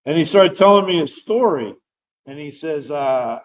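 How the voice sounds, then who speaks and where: A man's voice: on the high side, moderate pace, low-quality recording. A middle-aged man, a veteran guest, telling a personal story in a casual, rambling way. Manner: rambling, animated storyteller who laughs while talking.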